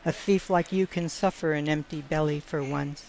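A woman's voice: low voice, fairly even intonation, normal speed, gravelly, darkish tone, a little hiss or hum. A woman reading the lines of a stern male village guard in her own plain voice, curt and commanding. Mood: gruff.

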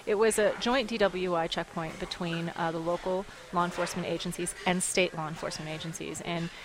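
A woman running an advocacy group, speaking in a radio interview with lively storytelling and frequent laughs. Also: on the low side, fairly quick, background noise. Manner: animated storytelling, quotes others, laughs often. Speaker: executive director of an advocacy group.

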